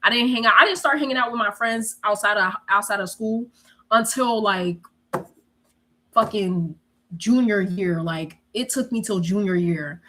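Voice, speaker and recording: A young woman telling stories in a casual, animated way, swearing freely and laughing often. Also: medium pitch, moderate pace. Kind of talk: casual storytelling chat.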